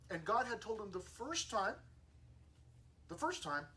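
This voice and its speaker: A man teaching a Bible lesson to a youth group in a casual, lively way, acting out the dialogue as he tells the story. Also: high voice, a little slow. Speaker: youth pastor. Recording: distant mic with faint room ambience.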